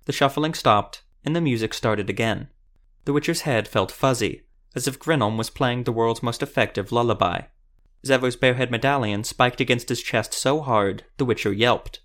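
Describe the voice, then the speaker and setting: A man narrating a fantasy audiobook in a steady, even storytelling manner. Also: medium pitch, moderate pace.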